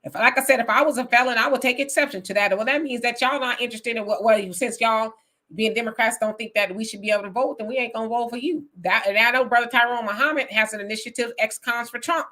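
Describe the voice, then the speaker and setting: Woman host for a live call-in style stream, bright, emphatic, casual. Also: fairly high pitch, fast talker. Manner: reads viewer comments aloud, then argues back in casual, emphatic speech. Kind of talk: live political talk stream.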